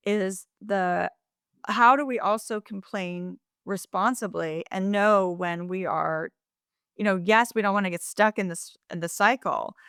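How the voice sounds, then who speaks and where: Woman, podcast co-host, casual chat, lively acted-out quotes, mid-range voice, dry close sound. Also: mid-range voice, clear, resonant tone, dry recording. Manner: animated, acts out quoted phrases in shifting voices; talkative, frequent restarts and asides.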